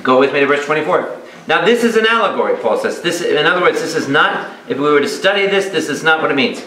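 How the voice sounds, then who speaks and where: Priest guy running a bible study, bright voice, keeps asking the crowd questions, echoey hall. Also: fairly high pitch, fast. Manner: animated, asks the audience many questions. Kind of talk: lively Bible study teaching. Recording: echoey hall with faint noise.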